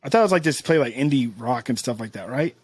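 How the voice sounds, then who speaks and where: A man's voice: medium pitch, animated, fast talker, a little mellow, husky, dry recording. A man co-hosting a podcast, telling rambling self-deprecating stories in casual chat. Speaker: podcast co-host.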